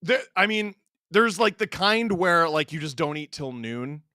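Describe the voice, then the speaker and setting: A man in his thirties hosting a stream, reading chat aloud and telling stories in an animated, casual way. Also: fairly high pitch, measured pace, dry recording, studio quality. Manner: animated storyteller, reads chat aloud, laughs often.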